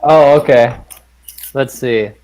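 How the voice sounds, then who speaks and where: A man's voice: medium pitch, slow pace, a little mellow, rough recording. A man playing in a tabletop game, talking hesitantly and reading spell rules aloud with small stumbles. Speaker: player. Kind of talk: casual tabletop play.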